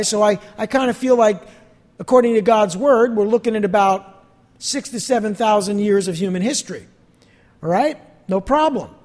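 A man preaching a sermon as pastor, with emphatic slow stresses and swings between loud and soft. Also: extremely high pitch, in a large hall.

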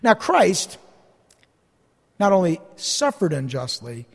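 A pastor preaching a sermon, telling stories about himself with self-deprecating humor. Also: male voice, high-pitched, very animated, slow, vocal fry, breathy edge, big-room sound.

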